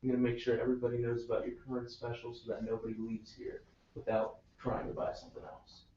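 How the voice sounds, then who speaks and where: A man's voice: medium pitch, completely flat delivery, fast, dark tone, slight background noise. A man student giving nervous answers in a mock job interview during a class. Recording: echoey room from far off, muffled.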